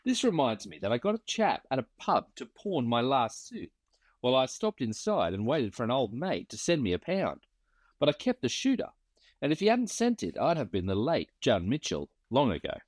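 Wry bushman yarn-spinner, read by a man, lively up and down delivery, dry close sound. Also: medium pitch, moderate pace, no room sound, voice pushed up. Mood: drawling yarn. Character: weathered male bushman spinning yarns.

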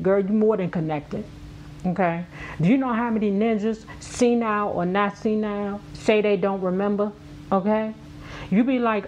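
A blunt, profane woman chats straight to her viewers as she reads aloud and riffs on the story. Her voice sits at an average pitch. The audio is dull and lo-fi, with a faint hum underneath. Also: fairly even intonation, moderate pace, darkish tone. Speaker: host reading and commenting. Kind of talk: casual commentary while reading a book aloud.

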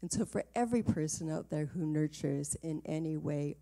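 A woman's voice: sits low, moderate pace, creaky, few pauses. A woman minister opening a livestreamed church service, chatty and laughing easily. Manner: chatty and warm-hearted, laughs easily, light fillers. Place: small home worship space.

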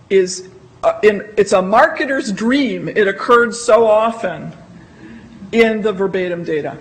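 A woman's voice: medium pitch, measured pace, poor audio. A woman library consultant giving a conference presentation in a conversational, emphatic way, often acting out quoted remarks.

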